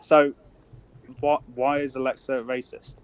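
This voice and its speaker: A man's voice: mid-range voice, flat delivery, a little slow, clear, resonant tone. Joking British man swearing casually. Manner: joking, swears freely, chatty storyteller. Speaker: podcast co-host. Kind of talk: casual podcast banter.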